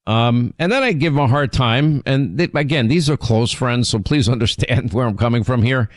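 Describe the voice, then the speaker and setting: A man's voice: mid-range voice, normal speed, dry recording. Rambling, teasing male talk host. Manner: rambling, teasing, animated storyteller with many restarts. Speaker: radio talk show host. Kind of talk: casual on-air storytelling.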